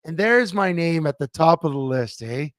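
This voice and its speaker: A man's voice: on the high side, normal speed, no echo. Man, casual sports chat, full of restarts and fillers, dry close mic, talks over a remote computer line. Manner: animated storyteller, many fillers and restarts. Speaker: co-host.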